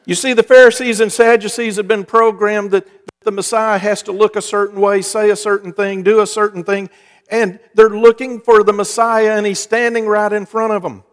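A man's voice: high voice, little pitch movement, moderate pace. A man, a pastor, giving a sermon in a chatty, storytelling way. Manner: conversational storytelling preacher. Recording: long church reverb.

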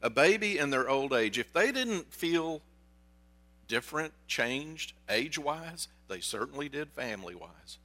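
Guy preaching a sermon, bright fairly high voice, chatty storytelling, keeps asking the crowd questions. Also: very animated, measured pace. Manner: conversational storytelling, asks the congregation questions. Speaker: pastor.

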